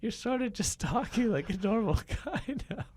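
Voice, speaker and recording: A man's voice: high-pitched, animated, moderate pace, a little mellow, breathy edge, pitched above the performer's own voice. A man playing a kid in an improv comedy scene, teasing and mocking Santa, laughing mid-sentence. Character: kid annoyed at getting coal from Santa.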